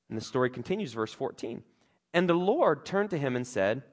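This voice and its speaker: A man preaching a sermon, acting out scripture characters with big swings in his voice. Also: a little fast. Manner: animated, acts out characters' lines with big pitch swings. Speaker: pastor.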